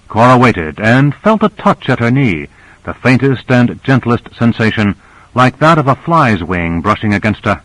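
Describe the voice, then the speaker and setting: A man narrating a novel in a steady, expressive reading voice. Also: mid-range voice, normal speed, no room sound, low-quality recording. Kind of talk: audiobook narration.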